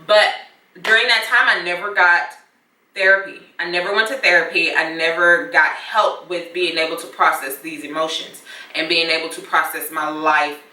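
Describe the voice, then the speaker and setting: A woman's voice: fairly low pitch, fairly even intonation, normal speed, bright, forceful tone, distant mic. A young adult woman telling a personal story in a candid, heartfelt and reflective way, with casual slang. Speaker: vlogger. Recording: echoey room, mic set back.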